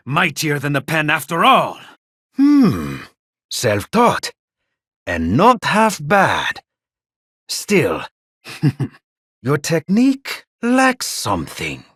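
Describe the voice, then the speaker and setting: A cocky swordsman rival teases his opponent in a husky, amused voice. He speaks slowly, with pitch that rises and falls widely. The recording is dry and close, with no room sound. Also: huge pitch swings, a bit bright, no room sound, full character voice. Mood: teasing. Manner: teasing, amused and unhurried. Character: cocky, laid-back male swordsman rival. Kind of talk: video game combat barks.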